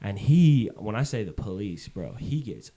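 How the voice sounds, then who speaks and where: A young man, a podcast guest, telling a comedic story in a casual, animated way, swearing freely and acting out other people's voices. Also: fairly low pitch, moderate pace, slightly rough.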